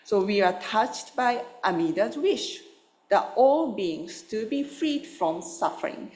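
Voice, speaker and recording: Woman minister giving a slow gentle dharma talk, roomy echoey hall. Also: mid-range voice, lively intonation. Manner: gentle, unhurried storytelling with fillers. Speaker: Buddhist minister.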